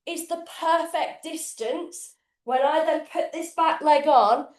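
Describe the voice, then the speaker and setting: A woman coaching a workout live from her kitchen, breathless as she demonstrates moves. Her voice sits high and her talk is casual and energetic, with the odd swear word. The room gives it a noticeable echo. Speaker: fitness coach. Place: home kitchen, indoors.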